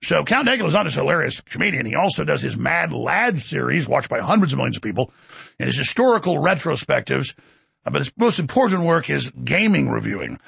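A man's voice: a little high, very animated, creaky, a bit bright, slightly rough, dry recording. A middle-aged man hosting a talk show, delivering a heated, mocking political monologue. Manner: fast, heated, mocking rant.

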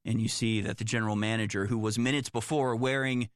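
A man's voice: on the low side, fairly even intonation, fast talker, no room sound, studio quality. A man commenting on the news, reading reports aloud and reacting in a sarcastic, exasperated, rambling way. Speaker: political commentator.

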